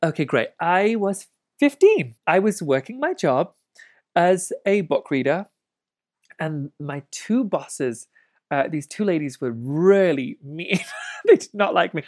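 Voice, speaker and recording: A woman in her late thirties telling stories as an interview guest, animated, laughing often and swearing freely. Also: on the low side, slow. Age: late 30s. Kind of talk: casual storytelling.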